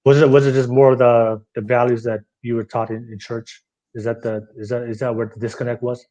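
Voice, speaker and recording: A man hosting a podcast, asking questions in a halting, casual way with many fillers and easy laughs. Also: medium pitch, level tone, mellow, dull audio. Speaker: host.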